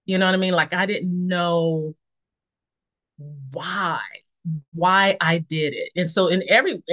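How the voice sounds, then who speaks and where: A woman in her forties sharing a personal faith testimony in conversation, reflective and unhurried, pausing often with fillers. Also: dull audio. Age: 40s. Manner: reflective, acts out quoted friends with lively high voices. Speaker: podcast guest.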